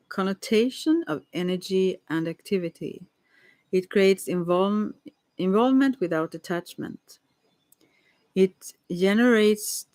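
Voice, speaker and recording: A woman softly reading a text aloud for ASMR, hushed and unhurried, now and then stumbling over words and apologizing. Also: on the low side, dry recording. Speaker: ASMR reader. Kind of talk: soft-spoken ASMR reading.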